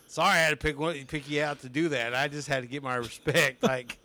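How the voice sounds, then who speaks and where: Animated, laughing young man telling stories. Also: a little high, normal speed, slight background noise. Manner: animated, laughs often while talking. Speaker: podcast guest, comedian. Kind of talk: casual storytelling chat.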